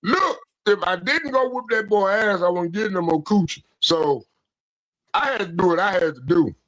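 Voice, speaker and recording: A man calling in, telling a story casually with profanity and acting out quotes in an animated way. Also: sits high, moderate pace, poor audio. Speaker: caller.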